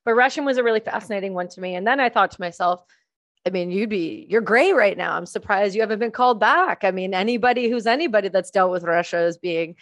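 A woman's voice: medium pitch, animated, fast, dry recording. A woman hosting a podcast, interviewing a guest in an enthusiastic, conversational way. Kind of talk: casual interview.

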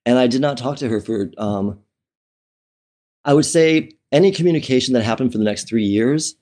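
A man speaks as an interview guest, recounting his life in a candid, emotional way. His voice is mellow and relaxed in tone, and he often restarts phrases and fills pauses with um and you know. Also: mid-range voice. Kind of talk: personal storytelling in conversation.

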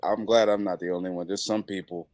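A man's voice: sits low, fast talker, dry recording, clean studio sound. A man as a podcast guest, telling crude stories and acting out the people in them. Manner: profane, animated storytelling with acted-out quotes. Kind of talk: casual chat.

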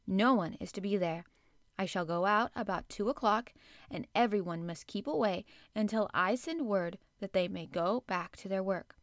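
A woman's voice: mid-range voice, no room sound, clean studio sound, lightly acted. A woman voicing a lordly, commanding young boy who is sickly and dreamy.

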